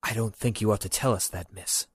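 A man's voice: lowish voice, a little fast, breathy edge, no echo. A man doing a wary, dour yakuza man. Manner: cautious, restrained.

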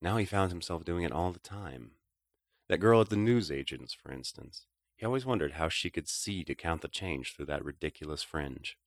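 A man reading a novel aloud in a quiet, reflective, measured way. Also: low-pitched, lively intonation, no echo, clean studio sound. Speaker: audiobook narrator. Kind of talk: scripted narration of a novel.

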